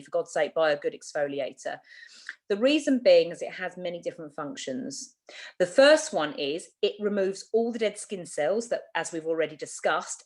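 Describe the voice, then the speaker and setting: A woman from Britain with a slightly low voice runs a skincare training session. She talks in a chatty, emphatic way, stressing key points and going back over them so nobody misses them. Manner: chatty, emphatic, repeats herself for clarity. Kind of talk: training talk.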